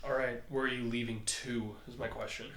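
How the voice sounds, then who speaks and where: A man's voice: mid-range voice, little pitch movement, fairly quick, fairly bright tone. A man from Canada running a tabletop role-play game as the storyteller, narrating in a laid-back, conversational way. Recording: roomy with faint noise.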